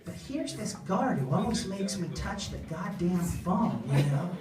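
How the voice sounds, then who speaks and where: A woman's voice: medium pitch, lively intonation, measured pace. A woman doing a stand-up comedy routine in a small venue, rambling and self-deprecating as she tells stories. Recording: echoey club, distant mic, crowd.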